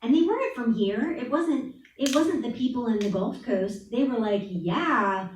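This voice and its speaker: A woman's voice: fairly high pitch, lively intonation, normal speed, warm tone. A woman giving a candid, casual talk at a spiritual center, laughing often and saying "like" a lot. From New Orleans. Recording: echoey room, voice from far off.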